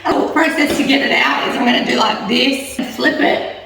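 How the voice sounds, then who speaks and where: A woman's voice: sits high, brisk, vocal fry, noisy background. A woman chatting casually through a home cooking vlog, self-mocking and laughing often. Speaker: cooking vlogger. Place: home kitchen. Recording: echoey kitchen, mic at a distance.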